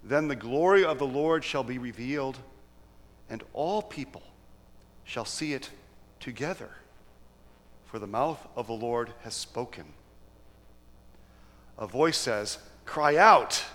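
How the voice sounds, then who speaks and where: A man preaching in church, who reads scripture solemnly and talks through his points in a halting way with restarts. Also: mid-range voice, expressive, big-room sound. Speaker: pastor. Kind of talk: sermon with scripture reading.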